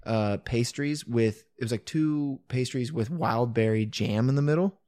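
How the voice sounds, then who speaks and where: A man's voice: medium pitch, a little slow, a little mellow, no room sound. A young man co-hosting a podcast, chatty and enthusiastic, swearing freely. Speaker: podcast co-host. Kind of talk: casual podcast banter.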